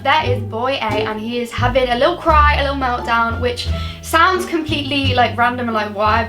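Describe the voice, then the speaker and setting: High-voiced woman rambling a storytime. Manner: chatty, rambling, many "like" fillers. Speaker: vlogger. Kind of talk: casual storytime. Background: background music.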